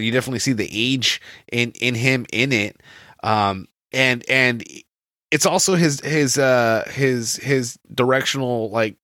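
A man's voice: medium pitch, sharp tone, dry recording, studio quality. A man co-hosting a podcast, reviewing a film in loose, rambling casual chat full of restarts.

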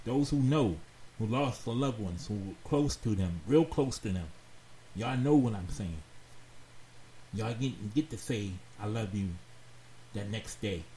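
A man hosting a radio talk show, giving heartfelt advice in a slow, earnest, preachy way and repeating phrases for emphasis. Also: lowish voice, lively intonation, dark tone. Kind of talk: heartfelt advice monologue to listeners. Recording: roomy echoey sound with faint background noise.

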